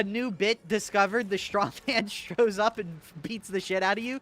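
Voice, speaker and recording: A man's voice: sits high, normal speed, few pauses, bright, forceful tone. A young man streaming a game, chatting casually with his chat, joking and swearing and laughing at his own bits. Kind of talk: casual gaming livestream chat.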